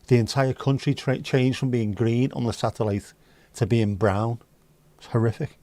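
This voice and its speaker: A man's voice: medium pitch, fairly even intonation, moderate pace, mellow, no echo. A man hosting a livestream, chatting casually and reading out viewer comments with rambling, dry joking asides. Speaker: livestream host.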